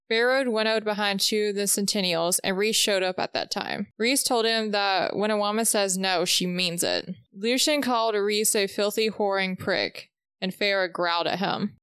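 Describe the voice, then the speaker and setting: A woman reading aloud a chapter-by-chapter recap of a novel, with the dialogue read in a steady, even pace. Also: mid-range voice, smooth, no echo, studio quality.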